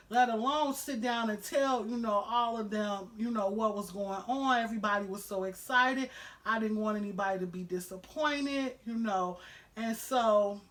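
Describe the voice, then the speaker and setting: A woman's voice: on the high side, a bit bright. A woman vlogger telling a personal story to camera at home, emotional and candid, with a lot of "you know" fillers.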